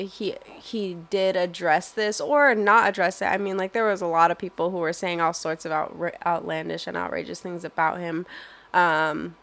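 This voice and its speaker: A woman's voice: on the low side, gravelly. A young woman answering interview questions in a thoughtful, hesitant way, full of fillers and restarts.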